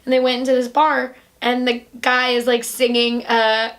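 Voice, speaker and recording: A woman with a bright, high voice recaps a movie in a loose, chatty way. She talks quickly and excitedly, scatters "like" everywhere and keeps slipping into voices to act out quotes. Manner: animated, fast retelling with many "like"s and acted-out quotes. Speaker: podcast host. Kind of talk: casual chat recapping a film.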